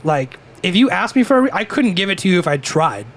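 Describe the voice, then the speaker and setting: A man's voice: high-pitched, fast. A young man co-hosting a casual podcast, telling stories with plenty of swearing and laughter. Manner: animated, profane storytelling with frequent laughs. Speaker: podcast co-host. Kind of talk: casual chat.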